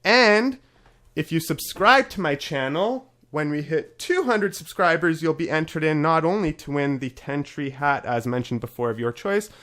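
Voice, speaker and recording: A man's voice: a little high, moderate pace, fairly bright tone. A man hosting a casual podcast, chatty and upbeat as he runs through promos and talks with his guest. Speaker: podcast host.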